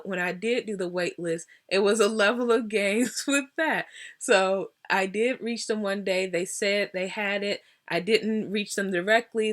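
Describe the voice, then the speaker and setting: A woman vlogger telling a casual story to camera, animated, acting out both sides of the conversations with laughs. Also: medium pitch.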